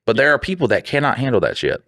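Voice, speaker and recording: A man's voice: mid-range voice, sing-song, quick pace, pushed and bright, dry recording, studio quality. A man co-hosting a podcast, talking in a heated, profane rant that keeps slipping into quoted back-and-forth. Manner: heated, profane ranting, often drops into quoted dialogue. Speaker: podcast co-host. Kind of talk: casual chat.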